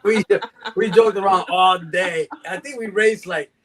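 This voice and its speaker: A man's voice: high voice, measured pace. An older man from Mexico, a guest breeder, telling joking stories in casual live chat and acting out his sales banter.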